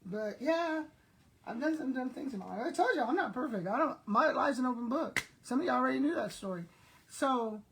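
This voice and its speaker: A woman's voice: high-pitched, animated, a little fast, a bit bright, a little hiss or hum, low-quality recording. An older woman telling stories to her online viewers in a chatty, laughing way, talking to them directly. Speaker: online seller and vlogger. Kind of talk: casual storytelling to viewers.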